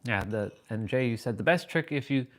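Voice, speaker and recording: A man's voice: mid-range voice, animated, brisk. A man hosting a casual livestream, telling a story animatedly and answering viewer comments. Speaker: livestream host.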